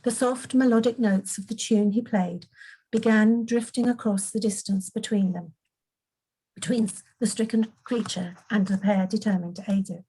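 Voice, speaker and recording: A woman reading her own fantasy story aloud in an unhurried way, now and then correcting a slip. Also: medium pitch, fairly even intonation, mellow, slightly rough, rough recording. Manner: unhurried, occasional slips and self-corrections.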